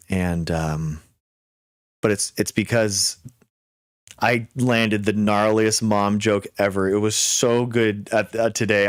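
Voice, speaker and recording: A man hosting a casual livestream, talking to viewers with quick restarts and mocking asides. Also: on the low side, no echo, clean studio sound. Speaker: livestream host.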